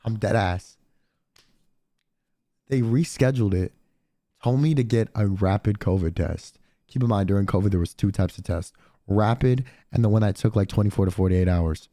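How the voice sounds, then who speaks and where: Young male streamer, congested and gravelly, profane and animated. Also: lowish voice, moderate pace, long pauses, no room sound, studio quality. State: congested, deepened voice from throat mucus. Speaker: livestreamer. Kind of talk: casual stream chat.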